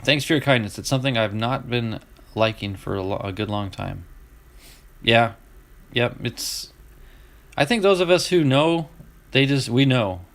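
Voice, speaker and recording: Middle-aged man, Southern US accent, relaxed chat as a card-breaking streamer, restarts a lot and laughs along. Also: mid-range voice, measured pace, pauses often. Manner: chatty, laughs easily, restarts and trails off. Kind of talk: casual chat.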